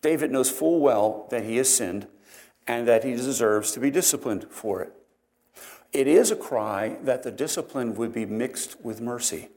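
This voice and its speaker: An earnest male preacher walking his listeners through a passage of scripture. His voice sits in an ordinary middle pitch, and he thinks aloud with "uh" and "um" as he explains each point. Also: moderate pace, darkish tone. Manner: earnest, explanatory, frequent fillers. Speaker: pastor. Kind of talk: sermon.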